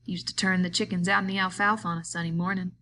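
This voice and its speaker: A woman voicing a bitter, lonely man who taunts a friend, in a slow, drawling rural way of talking. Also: on the low side, flat delivery, sharp tone, a little hiss or hum. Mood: brooding.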